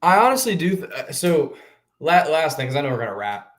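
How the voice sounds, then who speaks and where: A man co-hosting a sports podcast, talking casually in an animated, emphatic way with quick restarts. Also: a little high.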